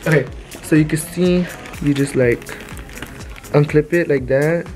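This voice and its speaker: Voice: mid-range voice, measured pace. Chatty young vlogger rambling through a haul. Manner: chatty, rambling, animated storyteller. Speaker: vlogger showing a shopping haul. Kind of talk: casual haul vlog chat. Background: faint music.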